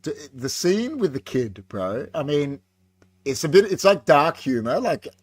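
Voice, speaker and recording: A man co-hosting a movie review show in casual chat, animated and profane, often acting out film lines. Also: a little high, a little slow, breathy edge, no room sound.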